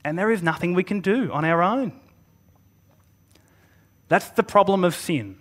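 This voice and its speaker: A man delivers a sermon in a fairly high voice. He speaks earnestly, leans on pauses for emphasis, and now and then restarts a phrase as he goes. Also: fairly bright tone. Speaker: preacher. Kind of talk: Good Friday sermon.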